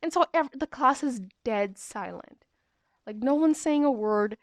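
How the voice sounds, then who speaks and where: A woman's voice: high voice, measured pace, no room sound, clean studio sound. A young adult woman hosting a podcast, rambling through stories in a chatty, casual way with lots of fillers. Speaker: podcast host. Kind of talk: casual storytelling.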